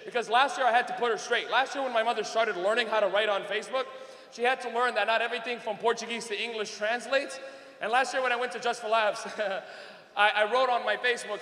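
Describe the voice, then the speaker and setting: A loud, profane male comedian performing stand-up on a club stage into a handheld mic. His voice sits high and bright for a man, and it rings with a long hall reverb. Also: fairly even intonation, fast. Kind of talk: stand-up routine.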